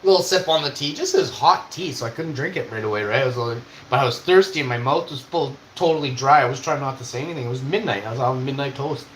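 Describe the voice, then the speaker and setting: A man's voice: medium pitch, fast talker, few pauses, fairly bright tone. A young man from Canada who streams, telling a rambling casual story, swearing and acting out quoted voices. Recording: echoey room with faint noise.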